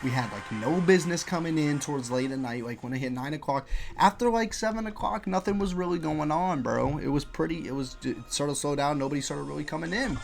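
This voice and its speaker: A young man ranting at home about his restaurant job while playing a game, animated, profane and full of slang. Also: on the high side, fairly quick, gravelly, faint music behind. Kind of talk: casual rant over gameplay.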